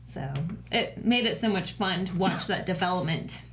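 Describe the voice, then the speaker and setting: A woman's voice: lowish voice, animated, moderate pace, a bit bright, a little hiss or hum. A middle-aged woman co-hosting a TV reaction show, chatting casually, laughing often and retelling scenes with animation. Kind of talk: casual chat.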